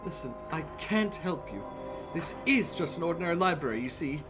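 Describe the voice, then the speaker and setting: A man's voice: a little high, expressive, brisk, over music, voice pushed up, lightly acted. A man voicing a prim, flustered woman librarian in a video game, sweet and evasive, calling people dearie. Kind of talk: reading game dialogue aloud.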